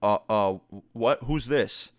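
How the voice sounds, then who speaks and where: A man's voice: medium pitch, slow, dry recording, studio quality, lightly acted. A man voicing a nervous, stammering male street photographer who apologizes and explains himself. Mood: flustered.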